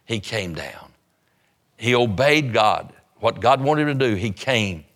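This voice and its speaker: A man's voice: lowish voice, lively intonation, measured pace, a bit bright. A man preaching an evangelistic sermon, urgent and fervent, hammering home repeated phrases.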